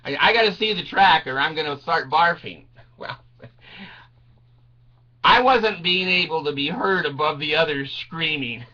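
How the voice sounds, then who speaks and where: An older man telling a rambling comic story, laughing through his words, crude and self-mocking, swinging from low mutters to high yelps. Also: a little slow, bright, forceful tone, lo-fi sound.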